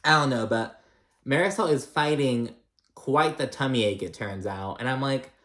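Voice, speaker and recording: In a gossipy, filler-packed recap of a reality show, a man mimics the cast with sassy quotes. His voice is mid-range, a bit bright, and reverberant, moving at normal speed.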